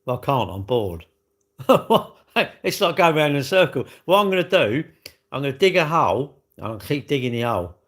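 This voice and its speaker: Answering comments from his viewers, a British livestreamer chats casually and rambles with lots of slang. His voice sits a little high, animated and brisk, with a fairly bright tone.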